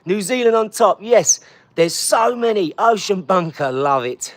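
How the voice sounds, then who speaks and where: A man with an English accent runs a live stream, calling out viewers' hometowns one after another with bouncy energy. His voice sits high for a man. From England. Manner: energetic, shouting out places in quick bursts. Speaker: livestream host. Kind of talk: live-stream chat, reading out viewers' comments.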